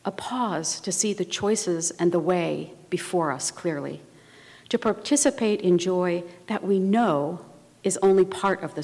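A woman preaching a sermon in a measured, reflective way. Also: on the low side, darkish tone. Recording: long reverb of a large hall.

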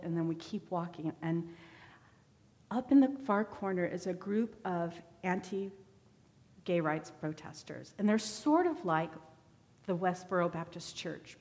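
A woman's voice: mid-range voice, warm tone. Woman preaching a personal story sermon. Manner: candid, self-deprecating asides. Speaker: church member giving a sermon. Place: church sanctuary. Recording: long hall reverb.

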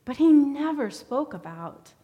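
A woman's voice: high-pitched, big pitch swings, unhurried, warm tone, lo-fi sound. A woman giving a personal testimony sermon as a church member, telling her story in a conversational way. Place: church sanctuary. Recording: long church hall reverb.

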